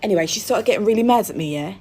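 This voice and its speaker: A woman with a mid-pitched voice tells a casual storytime rant. She is chatty, blunt and exasperated, and she swears freely. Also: lively intonation, racing, noisy background. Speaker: hotel receptionist.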